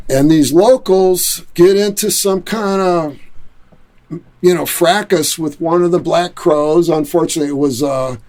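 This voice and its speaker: A man with a Detroit accent telling a lively story in a casual interview, acting out other people's quotes. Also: medium pitch, gravelly, slight background noise. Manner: animated storyteller who acts out quotes. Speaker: musician and studio owner, guest.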